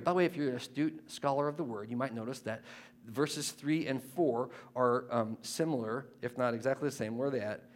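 A man preaching a sermon, moving between quiet, conversational asides and loud, impassioned scripture readings, often asking the listeners questions. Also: fairly high pitch, moderate pace. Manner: conversational, asks the audience questions.

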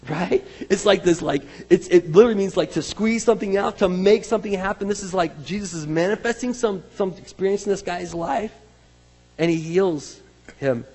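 A male pastor delivers a sermon in a casual, animated way, moving from loud excited bursts to soft, hushed asides. His voice sits a little higher than most men's. A long reverb trails every phrase, as in a large hall.

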